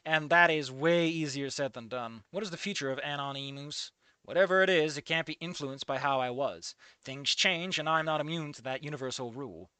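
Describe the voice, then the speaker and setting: Man reading a fan story, crisp close voice. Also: fairly high pitch, bright, forceful tone, dry recording. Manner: casual, wry narration with swearing. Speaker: story reader.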